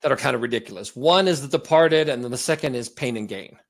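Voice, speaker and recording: A hoarse man co-hosting a podcast, chatting casually and joking around. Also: mid-range voice, quick pace. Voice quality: animated, joking. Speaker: podcast co-host. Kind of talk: casual chat.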